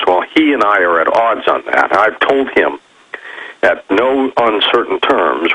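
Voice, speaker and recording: A man over sixty, a radio host, speaking as a guest on another show in animated, storytelling talk. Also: deep voice, breathy edge, low-quality recording. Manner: storytelling, animated, quick bursts of emphasis.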